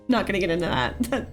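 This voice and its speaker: A woman with a hoarse voice after an illness, hosting a casual live art class and greeting chat in a sing-song way. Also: medium pitch. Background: soft music.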